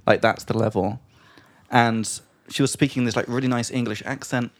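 Man, podcast host, middle pitch, upbeat, chatty, self-mocking, casual chat. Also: fairly even intonation, moderate pace.

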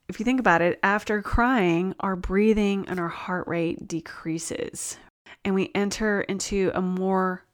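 A woman wellness host talking straight to her viewers, upbeat and reassuring. Her voice sits at an ordinary middle pitch for a woman. She slips light laughs in between her points. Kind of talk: encouraging talk to camera.

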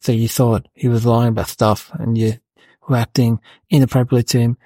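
A man's voice: medium pitch, little pitch movement, fairly quick, mellow, dry recording, natural voice. A man playing a cheeky, boastful young boy who rambles on in a bossy, comic monologue. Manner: rambling, bossy, full of likes and restarts.

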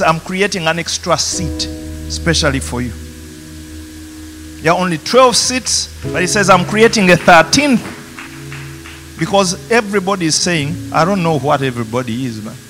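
A pastor with a Ugandan accent preaching a passionate sermon in a church, rising to emphatic peaks. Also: male voice, a little high. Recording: music playing behind.

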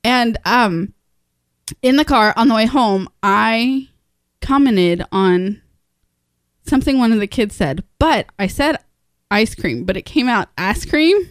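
Bright woman, casual, giggly, dry, higher voice, from northern Kentucky. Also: unhurried, no room sound. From northern Kentucky area. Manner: giggly, laughs often while telling stories. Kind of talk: casual chat.

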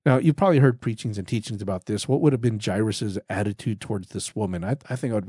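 A man's voice: fairly low pitch, quick pace, few pauses, mellow, breathy edge, dry recording, clean studio sound. A man giving earnest, conversational Bible teaching on a podcast, repeating himself and restarting phrases as he goes. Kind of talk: casual spoken Bible teaching.

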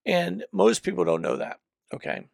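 Speaking into a microphone, a man gives a teaching sermon in a high, very gravelly voice whose pitch rises and falls animatedly. He's emphatic, looping back and restarting phrases to hammer home each point, at a normal pace. The studio-quality recording has no room sound; he's a preacher and teacher.

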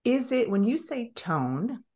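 A woman's voice: on the high side, big pitch swings, slow pace, a little mellow. A woman with a Long Island New York accent, hosting a podcast interview and asking the guest questions in a conversational way. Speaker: podcast host.

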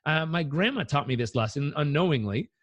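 A man on a podcast telling personal stories in an animated way, acting out the voices in them. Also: a little high, fairly quick, dry recording, lo-fi sound. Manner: animated, acts out quotes. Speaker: guest. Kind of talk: conversational storytelling.

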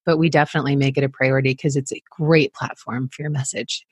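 A woman's voice: a bass voice, fairly even intonation, fast talker, slightly rough, no echo, clean studio sound. A woman interviewing a podcast guest in an upbeat way, asking questions full of "like" and "you know". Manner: upbeat, asks questions with lots of "like". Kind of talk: casual interview chat.

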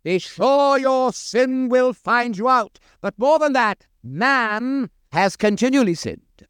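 A man's voice: very high voice, expressive, slow, a bit bright, clean tone, no echo. A man preaching a sermon to a congregation, quoting scripture with impassioned, dramatic emphasis.

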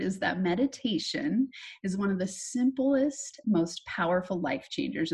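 Brief: young woman, solo podcast host and coach, husky, candid and reflective, loose and chatty. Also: mid-range voice, warm tone. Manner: candid, reflective, talks with many fillers and restarts.

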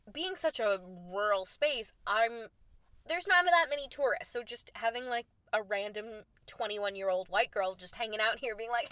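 A young woman telling a travel story in a casual, lively way, acting out the lines she quotes. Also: dry recording. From United States. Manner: animated, acts out quoted lines with big pitch jumps. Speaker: storyteller host.

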